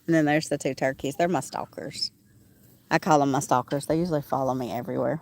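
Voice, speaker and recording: A woman's voice: very deep voice, fairly even intonation, quick pace, darkish tone, slight background noise. A woman, chatting casually on a livestream from outdoors on her small farm, rambling with frequent "um" fillers. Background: roosters crowing and farm animals.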